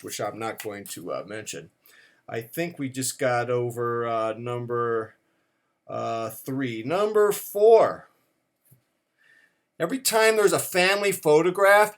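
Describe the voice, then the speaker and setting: Playful middle-aged man, somewhat high voice. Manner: playful, mock-serious, acts out quoted dialogue. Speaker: watch vlogger. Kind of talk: comic countdown monologue to camera.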